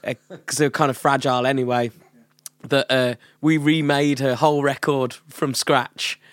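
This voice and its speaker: A man's voice: medium pitch, normal speed, no room sound. A man who works as a recording studio engineer, telling stories in casual podcast chat and laughing often. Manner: animated storyteller, laughs often.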